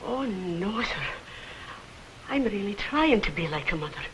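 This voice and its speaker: An earnest, gentle woman, played by an actress in a 1940s film. Her mid-pitched voice rises and falls in a lively way over faint hiss. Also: measured pace, lightly acted, low-quality recording.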